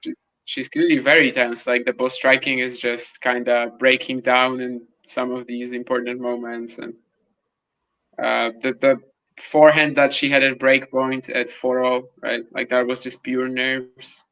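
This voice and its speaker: A man with a gravelly, crackly edge to a bright, tense tone breaks down the match point by point. He talks it through with lots of fillers, heard over a dull lo-fi microphone. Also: mid-range voice, flat delivery, unhurried. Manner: analytical, filler-heavy chat. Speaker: co-host. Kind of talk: live match commentary.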